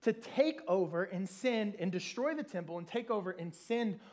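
A man with a notably high voice preaches a sermon to a room. He talks casually and animatedly, acting out dialogue and tossing in playful asides as he goes. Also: animated, normal speed, darkish tone.

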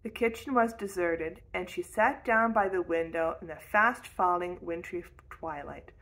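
A woman's voice: lowish voice, unhurried, poor audio. Woman reading a classic novel aloud. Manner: steady, expressive storytelling. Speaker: audiobook reader.

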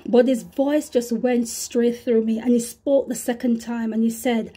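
A woman's voice: on the high side, fairly even intonation, a little slow, hardly any pauses, warm tone, slightly rough. A woman preaching an earnest testimony sermon, repeating herself and calling out to her brothers and sisters.

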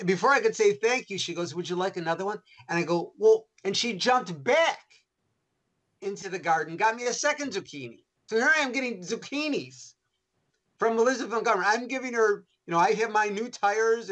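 A man, an author and interview guest, telling animated anecdotes with many restarts. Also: high-pitched, fairly quick. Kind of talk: storytelling interview.

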